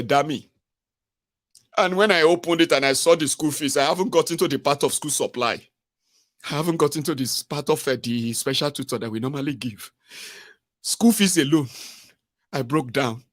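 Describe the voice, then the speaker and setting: A man's voice: a little high, moderate pace, no room sound, clean studio sound, natural voice. A man playing a distraught Nigerian father. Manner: broken, rambling, self-pitying. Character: distraught father crying over school fees.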